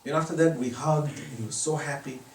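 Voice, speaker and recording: A man's voice: fairly high pitch, brisk. A man giving an impassioned religious lecture at a private home, mixing storytelling with moral teaching. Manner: impassioned, storytelling, varies loudness widely. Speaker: Islamic lecturer. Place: private residence. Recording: echoey room from far off, faint noise.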